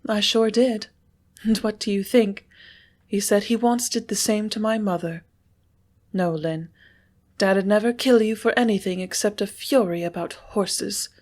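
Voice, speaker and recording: A woman voicing a passionate young ranch woman in an audiobook, speaking in a tremulous, halting, breathless way. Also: medium pitch, darkish tone, voice pushed up, close to an everyday voice. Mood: insistent. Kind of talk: audiobook character reading.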